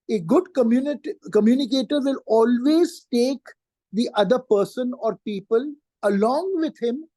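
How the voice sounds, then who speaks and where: A woman giving a live lesson on communication skills, repeating key points slowly and acting out short sample dialogues. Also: a little high, mellow, no room sound. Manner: acts out sample dialogues while explaining. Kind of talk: live online teaching session.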